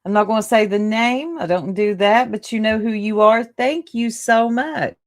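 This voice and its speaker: A woman with a slightly high voice hosts a livestream at normal speed, chatting casually with viewers, greeting them by name, and laughing often. The recording is dry and studio quality.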